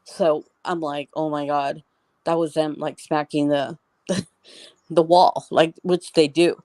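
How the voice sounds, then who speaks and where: A woman's voice: deep voice, fairly even intonation, slow pace, mellow, dry recording. A middle-aged woman telling a story as an interview guest, in a rambling, casual way full of "like" and restarts.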